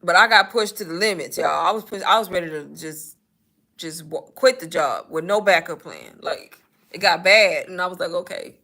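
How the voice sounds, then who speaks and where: A woman talking loosely on a live stream. Her voice is bright and forward. She chats in an animated way and turns to answer viewers' comments. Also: fairly low pitch, moderate pace. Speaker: host of a live Q&A on online business.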